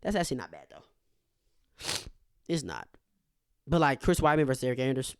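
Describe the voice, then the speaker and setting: A man's voice: mid-range voice, sing-song, fairly quick, clean tone, dry recording, clean studio sound. A man co-hosting a casual sports reaction chat, laid-back and blunt as he pushes back. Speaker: podcast co-host.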